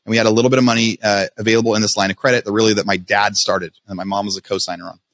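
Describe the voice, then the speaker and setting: A man as a podcast guest, telling his story in a fast, animated way with many restarts. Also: on the low side, a little hiss or hum. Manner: fast, animated retelling with frequent restarts and quoted self-talk.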